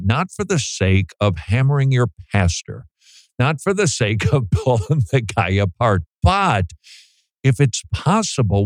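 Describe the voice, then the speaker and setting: A man's voice: mid-range voice, no echo, clean studio sound. A man hosting a talk radio show, chatting casually with joking, self-deprecating asides.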